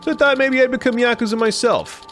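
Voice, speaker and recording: A man voicing a flaky young male ex-comedian turned wannabe thug in a video game, in a quick, animated, higher voice. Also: over music. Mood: flippant.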